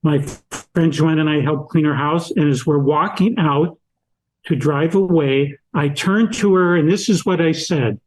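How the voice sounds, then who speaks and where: An older man, a podcast guest and author, telling anecdotes slowly and deliberately in an interview. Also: on the high side, poor audio. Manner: slow, deliberate anecdotal storyteller. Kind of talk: storytelling in an interview.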